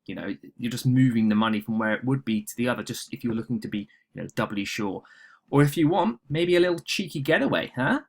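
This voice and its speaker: A man's voice: fairly low pitch, quick pace, gravelly, darkish tone. A man from the UK casually talking through an app on his screen as a channel host, rambling with frequent fillers and asides. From United Kingdom. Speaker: online seller and channel host. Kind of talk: casual screen-recording walkthrough.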